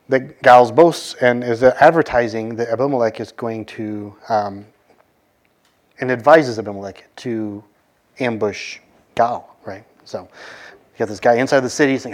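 A man's voice: mid-range voice, fairly quick, darkish tone. Casual man retelling a scripture story. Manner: conversational, many fillers, acts out quoted lines. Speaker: bible teacher.

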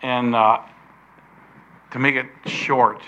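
Older male preacher, slow deliberate delivery, bright forceful tone, leans hard on key words. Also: medium pitch, flat delivery, highs cut off. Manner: emphatic, slows down to stress key words. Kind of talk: sermon.

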